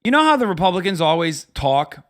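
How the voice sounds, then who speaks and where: A man's voice: high-pitched, sing-song, a little fast. A man streaming, ranting in a sarcastic, profane, casual way. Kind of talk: casual live-stream commentary.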